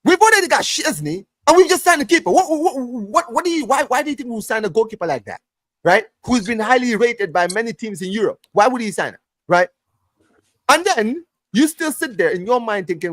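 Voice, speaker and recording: High-pitched ranting podcast man. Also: fairly quick, dry recording. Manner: animated, ranting, swears a lot, restarts phrases. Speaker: podcast host. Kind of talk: heated casual football chat.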